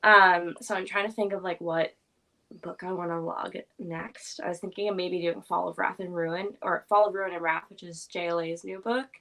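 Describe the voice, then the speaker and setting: A woman's voice: fairly low pitch, steady tone, normal speed, fairly bright tone. Chatty young woman guest. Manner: chatty, rambling with many fillers. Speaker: guest book vlogger. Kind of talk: casual chat.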